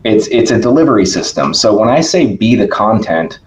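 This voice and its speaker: A man talking as a podcast guest in casual conversation, energetic and emphatic, often checking in with "right?". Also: on the low side, normal speed, low-quality recording.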